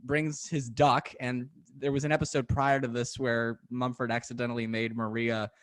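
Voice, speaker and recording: A man's voice: mid-range voice, flat delivery, moderate pace. Chatty man hosting a podcast. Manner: enthusiastic, chatty storyteller. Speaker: podcast host. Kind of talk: casual interview chat.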